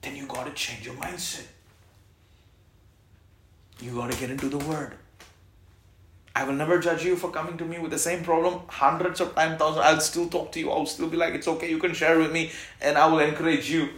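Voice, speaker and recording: A man preaching a sermon as pastor, calling out lines for the congregation to repeat and swinging between loud exhortation and soft reassurance. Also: fairly high pitch, flat delivery, a little fast, pauses often, slight background noise. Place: church hall. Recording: echoey church hall.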